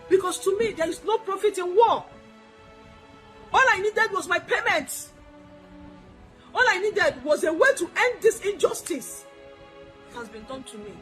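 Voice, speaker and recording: A woman's voice: sits high, fairly bright tone, rough recording. A woman with a Nigerian accent giving an emotional first-person account to the public, emphatic, repeating her points and acting out what others said. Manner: emphatic, repeats lines, acts out quoted speech. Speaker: businesswoman telling her story.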